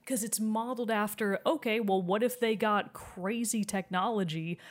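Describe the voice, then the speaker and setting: A woman's voice: medium pitch, moderate pace. A woman hosting a podcast in casual chat, enthusiastic and chatty, laughing often.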